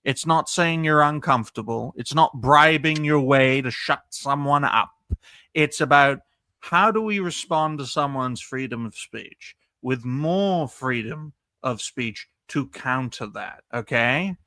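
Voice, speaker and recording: A man's voice: mid-range voice, unhurried, sharp tone, dry recording. A man on a podcast panel, arguing his point in an emphatic, lecturing way with lots of repetition. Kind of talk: casual online debate chat.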